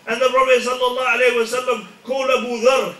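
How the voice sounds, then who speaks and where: A man preaches with passion, his very high, bright and forceful voice climbing into shouts. He sounds distant from the mic, and his words ring around an echoey hall. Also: level tone, fast. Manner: impassioned, rising to shouts. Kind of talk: sermon.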